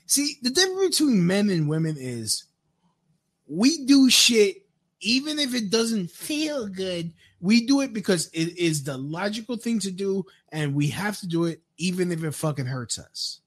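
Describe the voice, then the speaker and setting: A man's voice: sits high, sing-song, moderate pace. A man giving a crude, rambling rant, with frequent stammered restarts. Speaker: commentator. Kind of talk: profane rant commentary.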